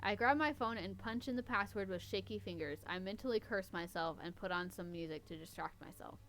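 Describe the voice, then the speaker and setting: A woman's voice: medium pitch, fairly quick, fairly bright tone, a little hiss or hum. A woman podcast host reading a story aloud in a casual way, stopping to poke fun at the writing. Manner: wry, stops to mock the writing. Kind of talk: casual reading with running commentary.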